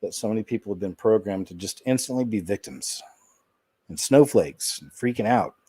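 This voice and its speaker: A man's voice: on the low side, lively intonation, normal speed, dark tone, slightly rough, no echo. A man hosting a show, musing about news clips in a laid-back way, with fillers like "man" and "you know". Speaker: host. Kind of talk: casual commentary on news clips.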